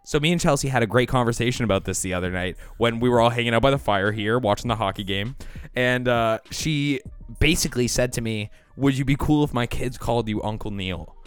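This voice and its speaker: A man's voice: medium pitch, brisk, smooth, no echo, faint music behind. A young man hosting a podcast, telling stories in casual chat, laughing often and swearing freely. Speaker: podcast host.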